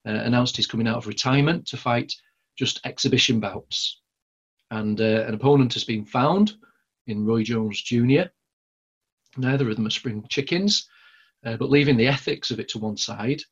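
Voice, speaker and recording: A man's voice: medium pitch, a bit bright, slightly rough, highs cut off. A man with a Lancashire accent preaching a sermon in a conversational, rambling way, full of fillers and restarts. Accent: Lancashire English.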